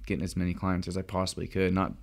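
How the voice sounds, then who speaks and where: A man's voice: low voice, monotone, very fast, creaky. A young man, a fly fishing guide, chatting casually on a podcast with lots of fillers and restarts.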